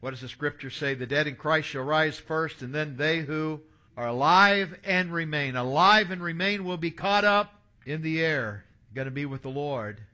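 A man in his sixties delivers a sermon, mixing stories with scripture read aloud. His voice is bright and sits a little high. He speaks with an earnest preacher's manner. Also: moderate pace. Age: 60s. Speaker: pastor.

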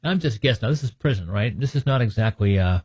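A man's voice: on the low side, expressive, fast, a little mellow, husky, no room sound. A man teaching from the Bible in a conversational way, reading scripture aloud and adding joking asides. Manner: joking asides, laughs at his own points; reads scripture aloud, then comments on it.

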